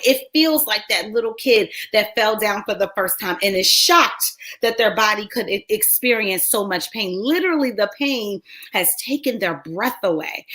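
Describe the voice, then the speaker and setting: A woman's voice: mid-range voice, a bit bright. Earnest woman sharing a faith testimony. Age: 30s. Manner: earnest, heartfelt storytelling with frequent "right?" asides. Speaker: radio show host.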